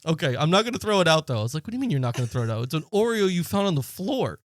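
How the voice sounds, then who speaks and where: A man's voice: fairly high pitch, sing-song, racing, no echo, clean studio sound. A man in his late twenties, a podcast co-host, telling a story in casual chat and acting out the quotes with plenty of swearing.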